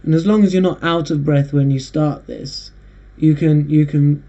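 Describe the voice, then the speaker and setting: A man hosting a casual monologue, rambling and halting with frequent restarts. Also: fairly high pitch, steady tone, dark tone. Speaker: host. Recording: dull lo-fi recording.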